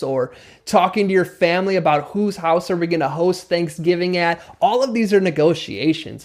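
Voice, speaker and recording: A man with a slightly raised pitch talks through negotiation advice as host of his own show. He breaks into quick acted exchanges, voicing both sides of a conversation to show how it sounds. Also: a little mellow. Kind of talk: explaining negotiation tips to camera.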